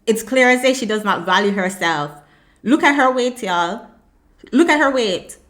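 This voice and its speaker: A woman's voice: fairly high pitch, expressive, moderate pace, a bit bright. A woman hosting a reaction video, giving blunt, emphatic critical commentary.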